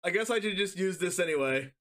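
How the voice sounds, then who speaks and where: A man streaming a card game, reacting with yelps, laughter and shouts as he plays. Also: high-pitched, animated, quick pace. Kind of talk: excited gameplay commentary.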